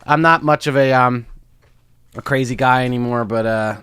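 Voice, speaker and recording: A man's voice: medium pitch, normal speed, clean tone. A man co-hosting a comedy podcast, casually telling stories and acting out the people in them. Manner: animated storyteller, acts out quotes. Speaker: podcast co-host, stand-up comedian. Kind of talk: casual chat.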